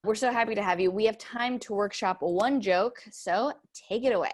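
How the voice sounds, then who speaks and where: A woman hosts a comedy workshop show with an upbeat, mock-earnest delivery. Her voice sits at an everyday middle pitch. She hands out playfully overconfident notes. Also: normal speed.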